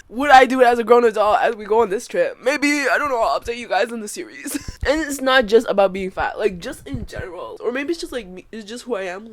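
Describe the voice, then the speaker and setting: Animated young woman laughing through a storytime. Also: medium pitch, fairly quick. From Canada. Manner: emotional, laughs often, swears freely. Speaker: vlogger. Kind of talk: casual storytime chat.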